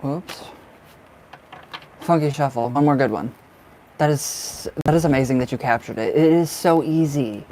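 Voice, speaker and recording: A man's voice: mid-range voice, moderate pace, pauses often, noisy background. A man doing live-stream tarot readings, chatty and giggly, who calls viewers by name and sounds cold and bundled up. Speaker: tarot reader.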